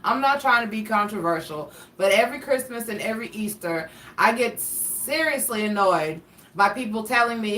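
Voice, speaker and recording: A woman's voice: fairly high pitch, expressive, moderate pace, a bit bright. A woman giving a casual tarot and astrology reading, chatty and blunt, drifting into asides and swearing. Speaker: tarot reader. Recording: roomy, somewhat distant mic with faint ambience.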